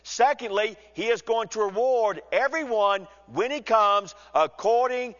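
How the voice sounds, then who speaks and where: A man preaching an expository sermon, measured and emphatic, slowing down to read scripture. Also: sits high, a bit bright. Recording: dull sound with long hall reverb.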